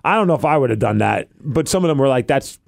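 Man, animated podcast storyteller, rapid-fire delivery, dry close sound. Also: medium pitch, gravelly, no echo. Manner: animated, acts out quotes in funny voices. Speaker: podcast host, part-time wrestler. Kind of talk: casual storytelling chat.

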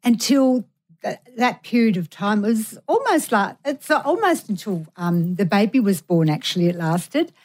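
A woman's voice: mid-range voice, sing-song, normal speed, darkish tone. A middle-aged woman, a mother, answering an interview candidly and reflectively. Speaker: guest, a co-host's mother.

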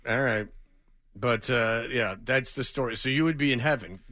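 A man's voice: medium pitch, moderate pace, sharp tone, no room sound, studio quality. A man co-hosting a podcast, telling wry family anecdotes in casual chat. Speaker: podcast co-host.

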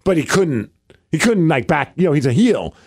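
Lively, animated man telling a story. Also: a little high, normal speed, slightly rough, no room sound, clean studio sound. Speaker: podcast co-host and wrestler. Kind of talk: casual chat, storytelling.

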